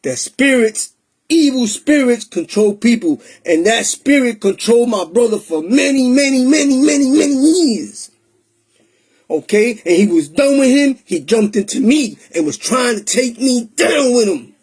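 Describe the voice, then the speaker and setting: A man's voice: very high-pitched, lively intonation, moderate pace, darkish tone, breathy edge. A man telling his personal testimony in an emotional, streetwise way, slipping Spanish into his English. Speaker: testimony speaker.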